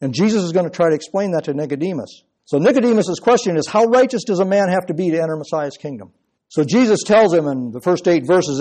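A man's voice: fairly high pitch, expressive, fast talker, mellow. A man preaching an expository sermon and explaining verse by verse with emphatic stress. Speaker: pastor.

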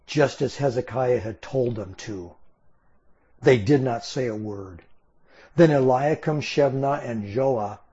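A man's voice: medium pitch, mellow, muffled recording. A man preaching an expository sermon, explaining a passage emphatically and sometimes restarting his phrases. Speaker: Bible teacher.

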